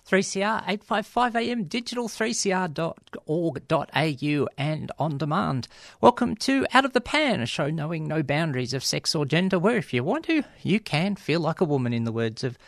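A chatty Australian man hosting a community radio show in a studio, his voice gravelly with touches of vocal fry. He rambles easily through ums and dry jokes. The recording sounds close and dry, with no room around the voice. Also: on the high side, sing-song, moderate pace, dry recording. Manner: chatty, wry, many ums and asides. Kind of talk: casual radio monologue. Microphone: studio microphone.

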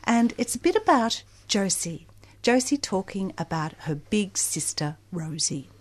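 A woman hosting a radio book show, talking in a chatty, animated way with bursts of emphasis. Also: mid-range voice, measured pace. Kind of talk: radio interview.

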